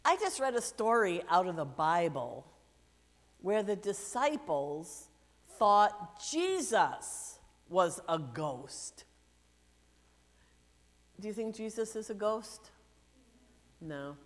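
A woman pastor reading scripture and then giving a gentle children's sermon, playfully asking the children questions. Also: mid-range voice, big pitch swings, takes it slowly, pauses often. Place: church sanctuary. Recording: long church reverb.

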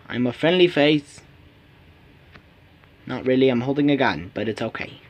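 A man's voice: medium pitch, lively intonation, moderate pace, long pauses, a little hiss or hum. A man giving solo gameplay commentary, talking to himself in a pleading, playful way. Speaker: gamer.

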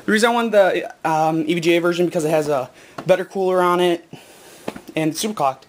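A teenage boy, out of breath and excited, rambling with lots of ums and self-corrections in a casual unboxing vlog. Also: high-pitched, brisk, slight background noise. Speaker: gaming video maker.

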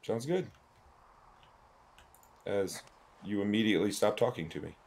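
A man's voice: fairly low pitch, expressive, measured pace, a little mellow, husky. A male streamer giving chatty, jokey gameplay commentary while thinking aloud.

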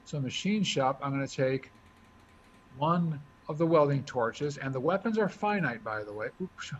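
A man talking through his moves as he explains a board game, thinking out loud in a casual way. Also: mid-range voice, lively intonation, normal speed. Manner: chatty, thinks aloud while moving pieces. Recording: dull lo-fi recording with faint hiss.

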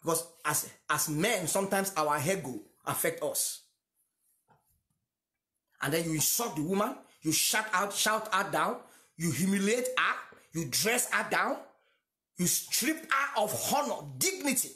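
A man's voice: sits high, expressive, a little slow, pushed and bright, roomy sound. A Nigerian-accented man whose first language is Yoruba, preaching a sermon emphatically and repeating lines for stress. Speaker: pastor.

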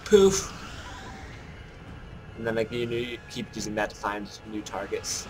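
A man giving casual let's-play commentary, joking at his own mistakes and thinking out loud as he plays. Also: on the low side, flat delivery, fairly quick, noisy background. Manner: jokey, self-mocking, thinks aloud while playing. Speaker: gameplay commentator.

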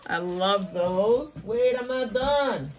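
Gushing woman with a lively, swooping voice. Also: mid-range voice, takes it slowly. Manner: gushing, excited exclamations. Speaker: vlogger opening mail. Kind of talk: casual unboxing vlog.

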